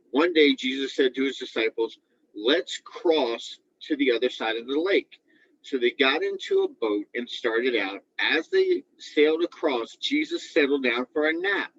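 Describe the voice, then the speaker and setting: A husky-voiced man leads a casual devotional talk as a show host, talking straight to his viewers in a relaxed, informal way. His voice sits at an ordinary middle pitch. The recording sounds dull and lo-fi. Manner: informal, speaks directly to viewers as "guys". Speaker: host of a faith and football show.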